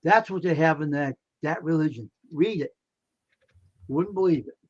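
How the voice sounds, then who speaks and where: High-voiced guy hosting a livestream, laughing while he tells a story, dull muffled audio. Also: moderate pace, husky. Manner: animated, acts out quotes, laughs often. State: tired. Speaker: livestream host. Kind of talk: casual storytelling chat.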